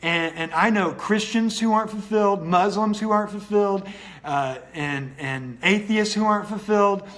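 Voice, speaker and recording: A man with a rather high voice leads a motivational livestream. He talks earnestly and repeats himself, stopping to greet viewers by name as he goes. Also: moderate pace, fairly bright tone. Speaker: online coach.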